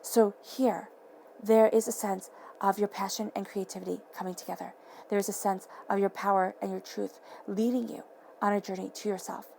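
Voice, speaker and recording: A woman giving a tarot reading to camera, earnest and excitable, repeating affirming phrases and sometimes tripping over her words. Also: mid-range voice, normal speed, creaky, a little hiss or hum. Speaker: tarot reader. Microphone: camera mic.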